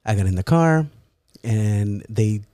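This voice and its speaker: A man from California telling a story in a casual, profane way, laughing often and slipping into lively impressions. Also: on the low side, slow, dry recording, studio quality. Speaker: guest storyteller.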